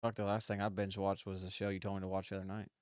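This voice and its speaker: A man's voice: low-pitched, completely flat delivery, racing, clean tone, no echo, clean studio sound. A man co-hosting a casual podcast, blunt and scattered, swearing constantly, with an occasional stutter. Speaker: podcast co-host. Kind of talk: casual chat. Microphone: podcast microphone.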